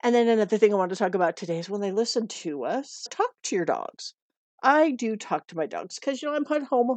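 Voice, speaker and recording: A woman's voice: a little high, sing-song, brisk, darkish tone, no echo. A middle-aged woman from the United States giving dog-walking and pet tips in a chatty, earnest way that often repeats itself. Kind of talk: casual advice talk.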